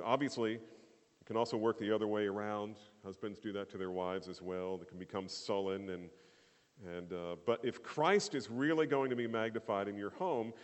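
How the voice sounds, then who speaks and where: A man's voice: fairly low pitch, in a large hall. A middle-aged male pastor preaching a sermon in a conversational way, with fillers and repeated phrases.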